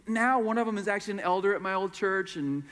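A man's voice: high voice, quick pace, fairly bright tone. A middle-aged man pastor telling a story in a sermon, acting out the voices of the people in it. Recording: long hall reverb.

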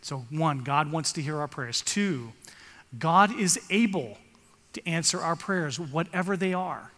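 A man's voice: on the high side, sharp tone, long reverb tail. A male pastor giving an earnest sermon, reading scripture aloud and rising for emphasis.

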